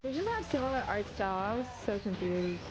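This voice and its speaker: A young woman streaming, reacting to a live awards show in casual chat that often jumps into excited exclamations and gasps. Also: mid-range voice, moderate pace, highs cut off, over music.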